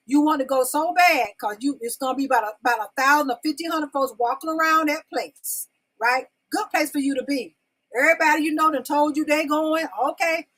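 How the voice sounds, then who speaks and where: High-voiced woman hosting a live stream. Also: a bit bright, rough recording. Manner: coaxing, repeats questions to the live chat; folksy, addresses viewers as y'all and babies. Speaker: talk show host. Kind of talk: live-stream casual talk to viewers.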